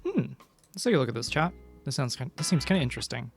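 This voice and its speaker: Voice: medium pitch, sing-song, quick pace, creaky, faint music behind. A streamer chatting casually on a live stream, musing aloud, reacting to viewers and reading along with what is shown.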